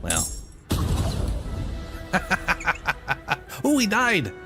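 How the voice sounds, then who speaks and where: A man hosting a let's play, giving casual gameplay commentary, excitable, swearing and laughing often. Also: high-pitched, drawn-out words, over music.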